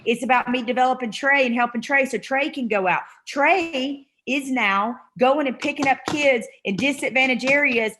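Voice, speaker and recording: A woman's voice: sits high, normal speed, few pauses, background noise. A woman hosting a video-call meeting, talking casually, gushing with emotion and pride. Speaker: meeting host.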